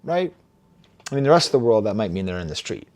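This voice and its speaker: A man in his forties giving a casual, animated album review, reading lyrics aloud and laughing at himself. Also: fairly low pitch, fast. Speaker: music reviewer.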